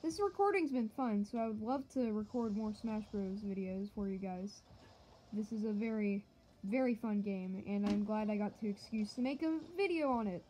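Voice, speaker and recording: A woman giving joking let's-play commentary to her viewers, excitable and yelping at the game. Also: medium pitch, normal speed, a little hiss or hum, poor audio. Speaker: gaming channel host.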